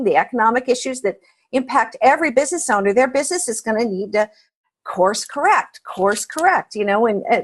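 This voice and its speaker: A middle-aged woman, a guest on an interview podcast, explaining her views emphatically and telling stories. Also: on the high side. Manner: emphatic, storytelling. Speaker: podcast guest, accounting advisor. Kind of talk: interview answer.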